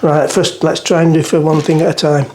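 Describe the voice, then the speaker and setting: A man chats his way through a cooking vlog in his home kitchen. His voice sits a little high, and he rambles, cracks jokes and mutters to himself as he preps the food. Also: level tone, a little fast, background noise. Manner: rambling, jokey, talks to himself while cooking. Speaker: cooking vlogger. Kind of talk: casual cooking vlog chat.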